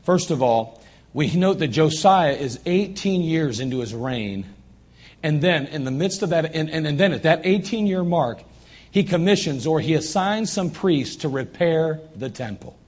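Male pastor, sermon in a church, raspy tone, pressing points by repetition. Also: a little high, expressive, moderate pace, a little mellow. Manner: emphatic preaching with repeated phrases. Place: church sanctuary.

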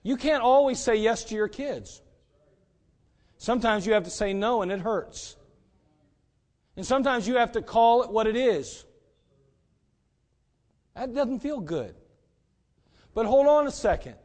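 High-voiced folksy preacher man. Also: animated, a little slow, pauses often, a little mellow. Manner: folksy, joking asides, repeated rhetorical questions. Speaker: pastor. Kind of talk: sermon.

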